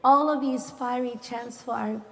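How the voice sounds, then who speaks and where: A woman's voice: on the high side, steady tone, measured pace, creaky, long reverb tail. A woman with a Hawaiian Pidgin-inflected accent, a cultural storyteller speaking earnestly at a community reunion and weaving Hawaiian words into her talk. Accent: Hawaiian Pidgin-inflected English. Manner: earnest, warm-hearted, sprinkles Hawaiian words.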